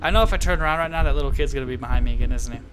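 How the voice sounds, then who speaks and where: A man's voice: medium pitch, rapid-fire, noisy background. A young man commenting nervously on a horror game, muttering and repeating nope again and again. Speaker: gaming YouTuber.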